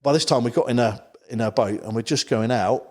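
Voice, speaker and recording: A man's voice: mid-range voice, fairly quick, a little mellow. A man from the Isle of Wight, a podcast guest telling a long story in casual, rambling chat. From England, Isle of Wight. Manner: rambling, full of "you know" asides.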